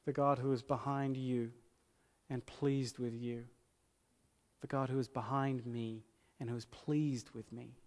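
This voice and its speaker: A man preaching a sermon as pastor, earnest and emphatic, repeating key phrases slowly for weight. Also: mid-range voice, flat delivery, a little mellow. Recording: long hall reverb.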